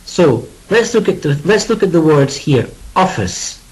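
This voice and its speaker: A British man gives a pronunciation lesson, modeling each word clearly so his students can echo it. His voice sits a touch higher than most men's, and he keeps the lesson conversational with joking asides. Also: animated, moderate pace, a little mellow. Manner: demonstrative, leads students through word repetition. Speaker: English teacher.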